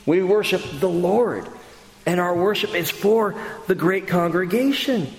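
A man's voice: high voice, unhurried. A man preaching a sermon in a church and closing with a prayer, talking emphatically, recorded in a reverberant hall. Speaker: pastor. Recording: echoey hall with faint ambience.

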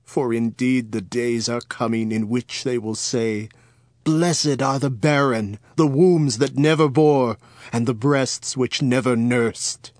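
A man voicing Jesus, slow and solemn. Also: medium pitch, steady tone, darkish tone, no echo, clean studio sound, close to an everyday voice. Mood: sorrowful. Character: Jesus, a grave, gentle man speaking slowly. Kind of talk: dramatized scripture reading.

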